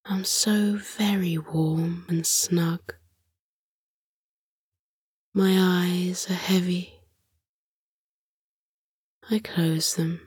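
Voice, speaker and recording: Woman, whispered bedtime story, breathy, low-ish voice, lulling. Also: a little mellow, no echo, clean studio sound. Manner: slow, soothing, lulling. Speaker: sleep meditation narrator.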